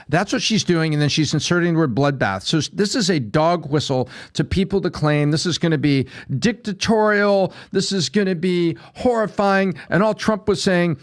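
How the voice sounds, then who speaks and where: A man on a podcast panel talking in an animated way, firing off rhetorical questions and acting out quotes. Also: a little high, normal speed, hardly any pauses. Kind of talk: casual chat.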